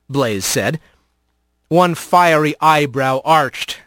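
A man narrating a storybook in an expressive, storytelling way. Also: on the high side, unhurried. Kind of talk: audiobook narration.

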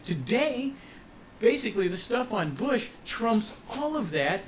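A man's voice: extremely high pitch, sing-song, unhurried, a little hiss or hum, low-quality recording. A man guest on a radio interview, ranting with passion and cynicism about politics. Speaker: musician guest.

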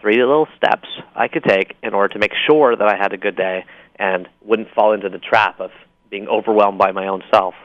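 Low-voiced guy calling in, upbeat and jokey, dull muffled line, very dry. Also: no echo. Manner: upbeat, enthusiastic, quick asides and jokes. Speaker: author guest. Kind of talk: call-in interview.

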